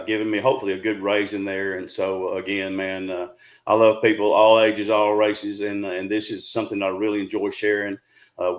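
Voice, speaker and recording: A man's voice: lowish voice, poor audio. Folksy Arkansas man in his sixties. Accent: Southern US, Arkansas. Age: 60s. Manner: folksy, rambling, friendly. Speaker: guest, Bigfoot researcher. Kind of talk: casual interview talk.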